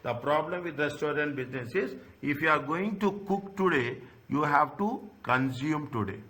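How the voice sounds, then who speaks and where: A man's voice: fairly high pitch, expressive, normal speed, sharp tone. A middle-aged man teaching an accounting lecture, repeating himself and checking in with frequent "okay?" asides. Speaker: accounting tutor. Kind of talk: recorded lecture.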